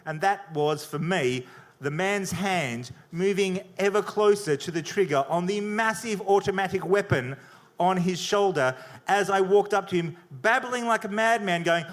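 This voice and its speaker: Animated high-voiced male comedian. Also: normal speed. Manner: animated, profane, punchy delivery. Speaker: comedian debater. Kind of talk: stand-up storytelling. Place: comedy venue with audience.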